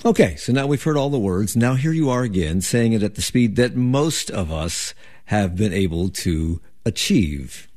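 A male interviewer with a low, slightly husky voice leads a casual conversation. His pitch rises and falls a lot as he asks questions, often stumbling over a word as he starts a sentence. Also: animated, moderate pace, a little mellow. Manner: curious, chuckling, stammers on restarts.

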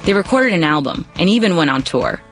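A woman reporter narrating a scripted radio news feature in a measured, storytelling way. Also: lowish voice, big pitch swings, faint music behind.

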